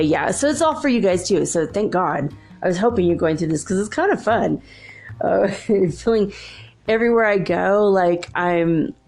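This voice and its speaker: A woman's voice: fairly low pitch, gravelly, darkish tone. A woman and mother talking in a casual, rambling spiritual monologue, laughing often as she shares stories. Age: adult with children. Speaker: spiritual channel host.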